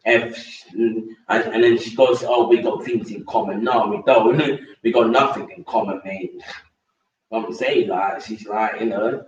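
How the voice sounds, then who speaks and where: A man's voice: on the low side, fairly even intonation, measured pace. A man ranting casually to camera, rambling and repetitive, with crude slang and many stammered restarts. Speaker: vlogger. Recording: roomy, distant and dull.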